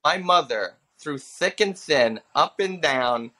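A man in his thirties, a stand-up comedian telling stories in a casual interview, animated and slipping into quick character voices. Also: a little high. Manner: animated storyteller who slips into character voices for quotes.

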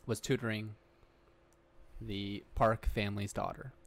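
A man's voice: on the low side, steady tone, unhurried. Laid-back man recapping a movie. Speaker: podcast co-host. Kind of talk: casual movie discussion.

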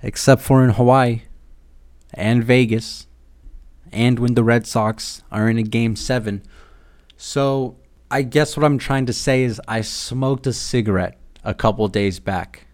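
A man's voice: medium pitch, fairly even intonation, measured pace. A young man hosting a podcast, telling a rambling, irreverent comic story full of swearing. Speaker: podcast host. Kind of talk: casual comedic monologue.

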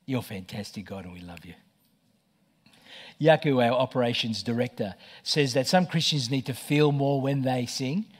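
A middle-aged man preaching a sermon as pastor, telling stories with lively stammered restarts. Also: mid-range voice. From Australia. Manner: animated storytelling with stammered restarts.

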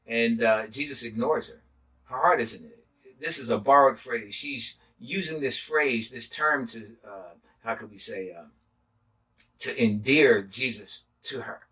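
A man, a pastor, teaching a sermon in a halting way with many filler sounds. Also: medium pitch, pushed and bright, breathy edge, recorded from a distance, low-quality recording.

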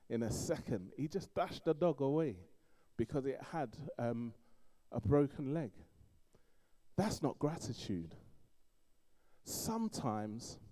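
Middle-aged London-accented man, animated preacher, mellow dark tone. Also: medium pitch. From East London. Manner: animated storytelling, swings between loud emphasis and quiet asides. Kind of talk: sermon.

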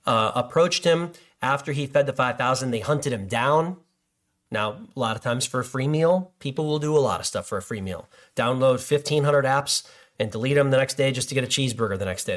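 A man preaching a sermon in a conversational way, acting out listeners' doubts as he goes. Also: medium pitch. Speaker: pastor.

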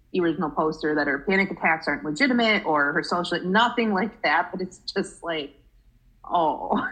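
A woman co-hosting a casual podcast chat, talkative and quick to giggle as she reads a story aloud. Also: on the low side, fairly bright tone, rough recording. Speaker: podcast co-host.

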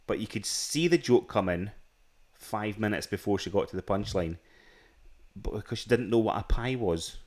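A Scottish man with a somewhat low voice chats casually on his podcast. He rambles through stories, often restarting his sentences. His delivery is loose and conversational. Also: animated, normal speed. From Scotland. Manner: rambling storytelling with frequent restarts and laughs. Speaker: podcast co-host. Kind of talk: casual chat.

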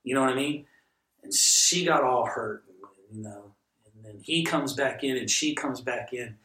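A man's voice: mid-range voice, a little slow. A middle-aged man, a guest pastor, telling stories in a podcast conversation and acting out the dialogue. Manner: animated storyteller who acts out dialogue. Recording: roomy sound from a distant mic.

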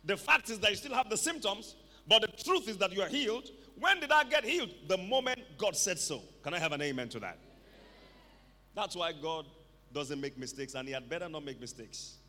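A man's voice: sits high, very animated, brisk, pushed and bright. A man preaching a fervent sermon, calling out to the congregation for responses. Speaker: pastor. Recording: echoey hall with long reverb.

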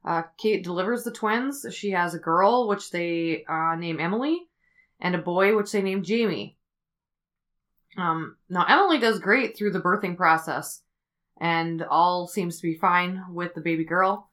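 A woman hosting a podcast, telling a story in a casual, rambling way with many fillers as she thinks out loud. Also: lowish voice, unhurried. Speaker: podcast host.

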